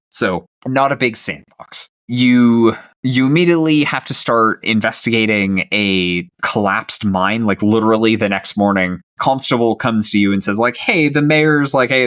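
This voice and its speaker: Low-voiced man chatting on a podcast. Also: no echo. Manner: laid-back, summarizing with frequent "like" and laughs. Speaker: podcast co-host. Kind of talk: casual chat about a tabletop supplement.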